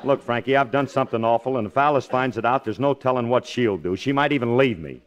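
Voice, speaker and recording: A man playing a folksy, excitable and flustered husband in a 1940s radio sitcom. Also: mid-range voice, lo-fi sound, close to an everyday voice. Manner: folksy and excitable, quick to laugh. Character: easygoing, flustered husband, a bandleader. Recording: noisy old radio broadcast.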